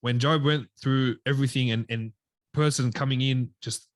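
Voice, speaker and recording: A man co-hosting a casual faith chat, speaking in a heartfelt way that often drops to a quiet voice. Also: mid-range voice, steady tone, moderate pace, no room sound. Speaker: podcast co-host.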